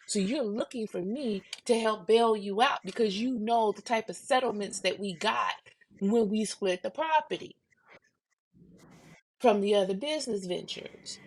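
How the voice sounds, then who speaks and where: Blunt woman in her fifties, podcast rant. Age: 50s. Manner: blunt and animated, swings from low murmurs to loud outbursts. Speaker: podcast host. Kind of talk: casual monologue.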